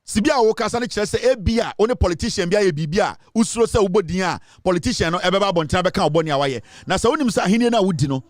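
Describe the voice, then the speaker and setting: A man with a Ghanaian accent delivers forceful, lecturing commentary in a notably high voice. He hammers his points home and slips between English and Twi. The recording is dry and close, with no room sound. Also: animated, rapid-fire, hardly any pauses, no room sound. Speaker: online commentator. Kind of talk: impassioned social commentary.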